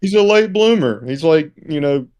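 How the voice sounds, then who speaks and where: Relaxed, chuckling man from Mississippi. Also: on the high side, moderate pace, smooth. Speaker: podcast co-host. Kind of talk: casual podcast chat.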